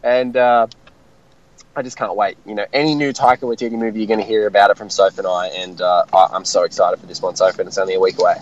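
Brief: male film critic, eager and rambling, lowish voice, muffled lo-fi radio sound. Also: quick pace. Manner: excited, rambling with fillers. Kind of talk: casual radio chat.

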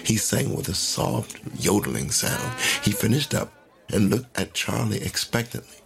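A man narrating a story in an unhurried, folksy way. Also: on the low side, very animated, gravelly, music in the background.

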